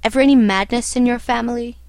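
A woman reading the lines of a calm, imperturbable little old doctor in a storybook, matter-of-fact in tone. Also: a little high, fast, no echo, close to an everyday voice. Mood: calm, clinical.

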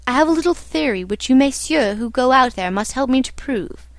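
A woman reading the lines of a calm, imperturbable little old doctor in a storybook, matter-of-fact in tone. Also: sits high, brisk, no room sound. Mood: calm, clinical.

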